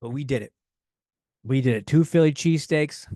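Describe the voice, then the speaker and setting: A man's voice: medium pitch, moderate pace, mellow, no room sound, studio quality. A young man hosting a comedy podcast, ranting in a loose, profane, slightly tipsy way and a bit out of breath. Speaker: podcast host. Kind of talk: rambling comedic rant.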